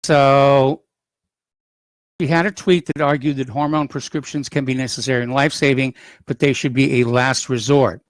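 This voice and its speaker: A man hosting a call-in radio show, reading news items and adding opinionated asides in an unhurried, conversational way. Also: mid-range voice, steady tone, dry recording. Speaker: radio talk show host.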